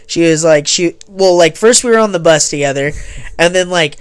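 A young man chatting casually with friends, his voice high for a man. He tells stories loosely and swears a lot. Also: moderate pace, smooth. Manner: swearing, storytelling with laughs. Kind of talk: casual chat.

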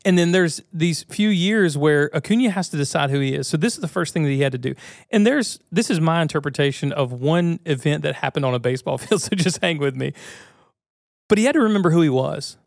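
A man's voice: on the high side, lively intonation, a little fast, gravelly, no room sound, studio quality. A man hosting a podcast, talking earnestly and casually with frequent restarts. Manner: earnest, conversational, many restarts. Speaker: podcast host. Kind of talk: motivational podcast monologue.

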